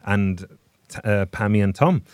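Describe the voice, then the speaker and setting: A man's voice: fairly low pitch, a little slow, clean tone, no echo, clean studio sound. A man hosting a podcast, giving casual commentary on films in a chatty, emphatic way with many restarts. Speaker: podcast host.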